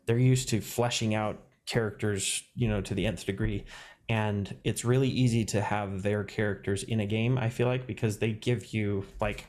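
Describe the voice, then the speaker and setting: A man's voice: on the low side, fairly even intonation, normal speed, a little mellow. A man talking casually as a guest, enthusiastic and rambling with lots of "like". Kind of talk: casual podcast talk.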